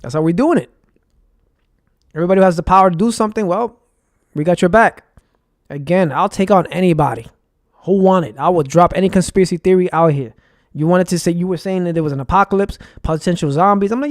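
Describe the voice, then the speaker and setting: Young man, high-pitched, rambling and profane, dry close sound, conspiracy rant. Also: fast talker, no room sound. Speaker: vlogger.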